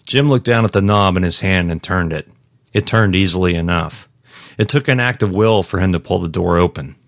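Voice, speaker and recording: A man narrating a story in a very deep voice, steady and measured. The recording is dry, with no room sound. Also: creaky, no room sound. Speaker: audiobook narrator. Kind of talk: scripted narration.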